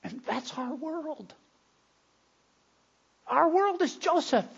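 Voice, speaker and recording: A man preaching a sermon, telling a story and then praying, earnest and given to repeating words, going from hushed to loud. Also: very high-pitched, animated, slow, creaky, lo-fi sound. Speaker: pastor.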